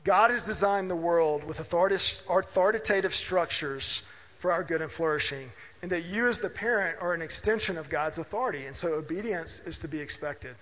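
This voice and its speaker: A man's voice: on the high side, brisk, a bit bright. A middle-aged man from Mississippi preaching a conversational sermon, telling family stories and checking in with "right?". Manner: conversational, anecdotal, asks listeners "right?". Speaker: pastor. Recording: reverberant hall.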